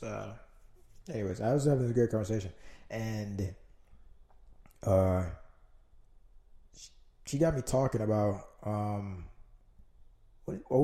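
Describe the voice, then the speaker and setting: A man's voice: on the low side, dark tone, reverberant. A man with a Jamaican accent hosting a casual solo podcast, rambling and swearing as he loses his train of thought. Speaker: podcast host.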